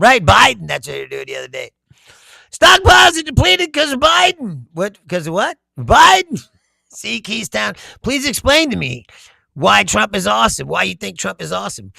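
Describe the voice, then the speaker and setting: A man's voice: fairly high pitch, creaky, no echo, studio quality. A man hosting a live stream. He reads viewer comments aloud, talks with lots of energy, laughs often and swears. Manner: animated, laughs often, shouts, profane. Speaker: host.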